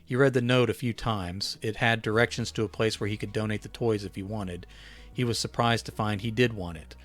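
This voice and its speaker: Low-voiced man reading his story. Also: fairly quick. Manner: relaxed reading with small self-corrections.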